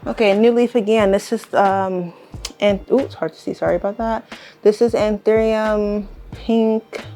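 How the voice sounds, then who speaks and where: A young woman chatting casually as she shows and rearranges her plants, rambling, correcting herself and getting excited. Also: medium pitch, a little slow, faint music behind. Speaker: plant vlogger. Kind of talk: casual vlog chat while working. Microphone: handheld camera on tripod.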